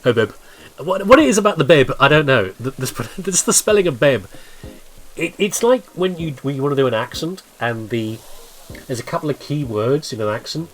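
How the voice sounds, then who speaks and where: Chatty man with a lively voice. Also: on the high side, brisk, slight background noise. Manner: chatty, rambling, laughs often. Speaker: gameplay video host. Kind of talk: casual let's-play commentary.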